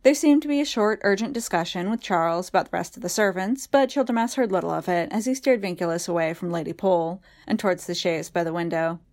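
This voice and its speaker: A woman with a lowish voice reading fiction aloud. She narrates in a measured, even manner, steady and unhurried in the style of an audiobook.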